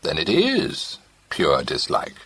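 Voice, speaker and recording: A man reading an audiobook, voicing a blunt young gentleman who persists in courting. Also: low-pitched, huge pitch swings, takes it slowly, husky, exaggerated voice. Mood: teasing. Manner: blunt, straight to the point.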